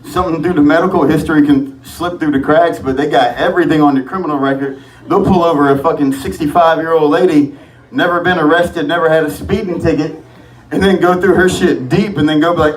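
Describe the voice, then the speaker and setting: A man's voice: fairly high pitch, fairly even intonation, brisk. A man doing a profane, rambling open-mic stand-up set on a comedy club stage. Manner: profane, rambling, loose delivery. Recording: echoey club from far off, crowd laughter.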